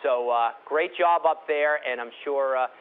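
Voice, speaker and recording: A man's voice: medium pitch, a little slow, slight background noise. A man interviewing from a TV station, asking friendly questions in an upbeat way. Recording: tinny phone-like line.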